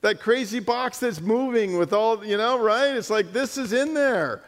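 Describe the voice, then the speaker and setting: A man preaching a sermon and telling stories, animated and full of restarts and repeated words. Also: high-pitched, measured pace. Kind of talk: sermon with storytelling. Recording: long hall reverb.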